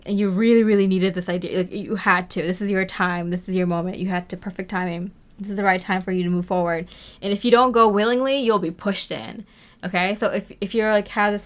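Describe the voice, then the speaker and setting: With a lowish voice, a woman gives her viewers a casual tarot reading, chatty and rambling, full of fillers and frequent laughs.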